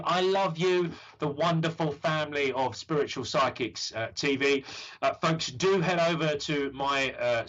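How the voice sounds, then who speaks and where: A man's voice: medium pitch, fairly bright tone. A British man in his thirties, a psychic medium hosting a live stream reading, encouraging and rambling with lots of fillers. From United Kingdom. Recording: dull lo-fi stream audio.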